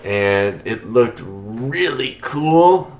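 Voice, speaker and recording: A man's voice: medium pitch, animated, very slow. A young man hosting a casual podcast, joking and rambling. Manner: joking, rambling, doing silly voices. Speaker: podcast host. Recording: echoey room, distant mic, faint noise.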